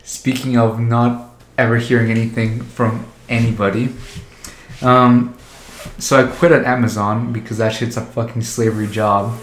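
A man's voice: medium pitch, a little hiss or hum. A man telling stories in casual chat, crude and joking, laughing often. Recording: roomy echo.

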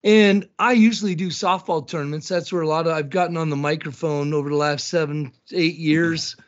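A man in his fifties from Blackfeet country in Montana, a podcast guest telling stories in an animated, laughing way and swearing freely. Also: a little high, brisk. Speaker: podcast guest, tournament announcer. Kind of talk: casual storytelling chat. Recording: dull lo-fi recording.

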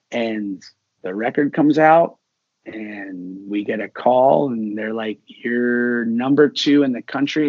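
A man's voice: medium pitch, no room sound. A middle-aged man, a musician guest, telling a story in a casual interview and acting out what others said. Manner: animated, acts out quoted dialogue. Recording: dull lo-fi sound.

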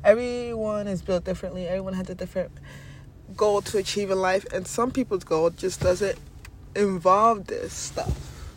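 A man giving a casual motivational monologue, animated and self-assured, talking in quick bursts about mindset. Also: sits high, a little hiss or hum. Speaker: self-help speaker.

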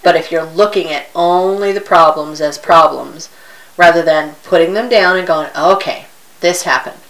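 A woman's voice: fairly low pitch, moderate pace, fairly bright tone, rough recording. A middle-aged woman co-hosting a casual, upbeat talk show; chatty, laughing easily. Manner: chatty, laughs easily, acts out her own complaints. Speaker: co-host. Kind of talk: casual chat.

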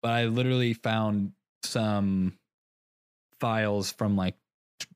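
Young man, podcast co-host, low-pitched, rambling casual talk, dry close sound. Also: steady tone, slow, clean tone, no echo. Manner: rambling, self-mocking, laughs often. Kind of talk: casual chat.

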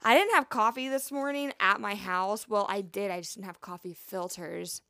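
Young woman, podcast host, casual rambling chat, gravelly fry, dry close sound. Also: mid-range voice, normal speed, bright, forceful tone, no echo. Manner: chatty and rambling, playful asides.

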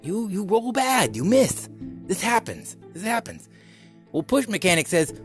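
A man with a New York accent hosting a comedic rant podcast. His voice sits a little high and swings widely as he rambles, stumbles and restarts. Faint music runs under the talk. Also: very animated, normal speed. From New York area, US. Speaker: podcast host.

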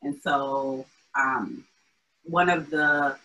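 Woman, interview guest, low pitch, bright tone, earnest. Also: steady tone, extremely slow, poor audio. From Albany, New York. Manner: thoughtful, earnest, with many restarts. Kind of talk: casual interview chat.

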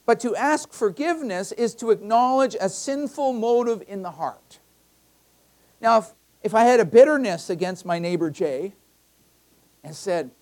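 A man's voice: high voice, normal speed, pauses often, darkish tone. Male pastor preaching a conversational sermon. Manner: conversational preaching with personal anecdotes; emphatic, repeats key phrases. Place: church.

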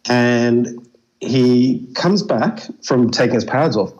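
A man's voice: mid-range voice, slow pace, darkish tone. A man from Zimbabwe, telling stories as an interview guest in a casual, chatty way, often saying "you know". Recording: slightly dull lo-fi audio.

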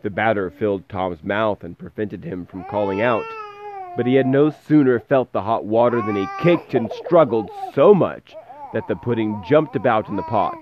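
A man reading a fairy tale aloud in a lively way, pausing to explain words. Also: lowish voice, highs cut off, noisy background. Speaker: storyteller.

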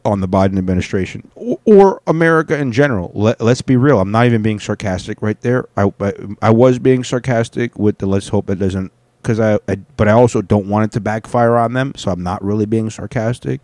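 Speaking briskly in a fairly low, slightly mellow voice with no echo, a man hosts a laid-back reaction show about video clips. He's profane and rambling, frequently correcting himself mid-sentence.

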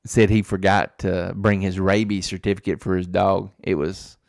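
A man with a low, dry-sounding voice recounts a story at length, stumbling through restarts and fillers. He keeps the tone of a relaxed podcast conversation, close to the mic with no room sound. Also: normal speed, creaky, dry recording. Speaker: podcast co-host. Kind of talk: casual chat.

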